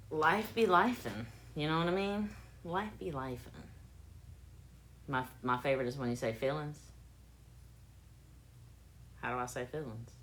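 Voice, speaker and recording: A woman chats live with her viewers in a loose, profane, teasing way, her low voice swinging widely as she talks. She takes her time and keeps saying single words over and over to test her own pronunciation. A bright edge sits on her voice, with a faint hum behind it. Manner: profane, playful, teasing back at chat. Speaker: livestreamer reading chat. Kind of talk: casual live-stream chat.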